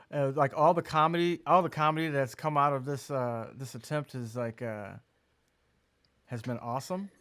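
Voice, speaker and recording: A man's voice: mid-range voice, steady tone, unhurried, pauses often, fairly bright tone. A man hosting a casual livestream chat, rambling and joking loosely. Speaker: host.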